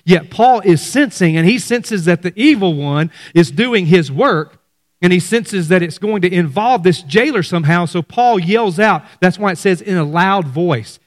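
Man, middle-aged, pastor, animated sermon delivery. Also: high-pitched, moderate pace, no echo, studio quality. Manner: animated preaching, addresses congregation as y'all.

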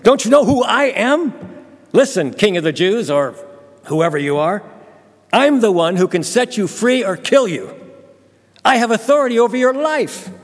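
A man's voice: high-pitched, lively intonation, moderate pace, pitched above the performer's own voice. A bullying Roman governor , as a man puts him on, hectoring in a raised, strained voice. His threats bounce around a long, ringing reverb. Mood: blustering. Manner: shouting, hectoring.

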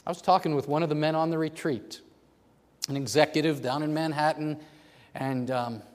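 Pastor guy preaching in a big echoey church, goes loud then whispers. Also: fairly high pitch, fairly even intonation, normal speed. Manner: dynamic, swings from loud to hushed whisper. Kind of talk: sermon. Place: church sanctuary. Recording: long hall reverb.

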